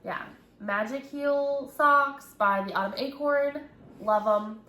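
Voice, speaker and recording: A woman's voice: sits high, slow pace, bright, forceful tone. A young woman co-hosting a podcast, chatting casually and rambling a bit with fillers, sounding congested. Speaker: podcast co-host. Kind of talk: casual chat. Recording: roomy home recording.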